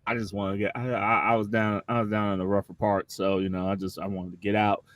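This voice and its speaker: A man's voice: fairly low pitch, level tone, quick pace, a bit bright, dry recording, close to an everyday voice. A man voicing a laid-back young male college freshman with a Cajun accent and an easygoing drawl.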